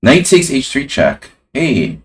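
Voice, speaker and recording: A man's voice: mid-range voice, huge pitch swings, takes it slowly. A man casually commenting on his own chess game on a live stream, rambling and talking to his chat.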